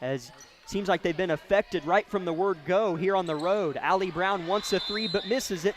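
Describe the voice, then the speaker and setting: A man calling a high school basketball game play by play from courtside, quick and excitable, rising to shouts on big plays. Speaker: play-by-play announcer. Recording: noisy gym broadcast feed.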